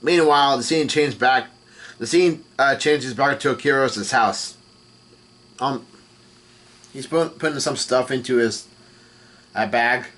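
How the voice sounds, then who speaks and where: A man acting as host, retelling a comic chapter in a halting way and reading the characters' lines out in an even voice. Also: mid-range voice. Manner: halting, reads out dialogue in an even voice. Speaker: manga reaction host.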